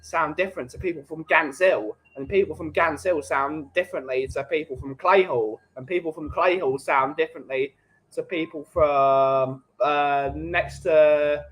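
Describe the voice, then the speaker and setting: A man with a London English accent, hosting a relaxed coffee chat stream and bantering jokily with his live chat. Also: fairly high pitch, moderate pace, breathy edge, low-quality recording. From England. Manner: jokey, rambling banter.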